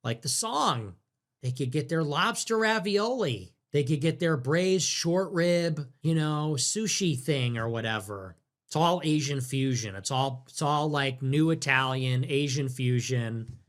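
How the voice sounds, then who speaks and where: A man's voice: medium pitch, a bit bright. A young man hosting a livestream, reacting to chat in a crude, sarcastic, ranting way. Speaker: livestream host.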